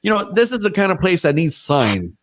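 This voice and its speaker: A man with a somewhat high voice tells a long story in a casual podcast chat. He is animated and profane, slipping into the voices of the people in the story. His delivery is loose and conversational. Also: a little fast. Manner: animated storyteller who swears freely and acts out other people's lines. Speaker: event DJ telling a story.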